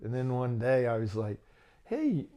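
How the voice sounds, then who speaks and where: A man's voice: mid-range voice, animated, slow. A man, a minister and coach hosting his channel, telling stories in a rambling, filler-heavy way and laughing often. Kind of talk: casual storytelling talk.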